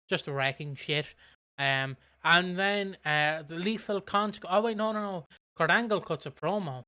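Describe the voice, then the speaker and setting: A man's voice: on the high side, steady tone, moderate pace, bright, forceful tone, smooth. A man co-hosting a casual wrestling review podcast, rambling with lots of fillers and the odd swear word. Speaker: podcast co-host.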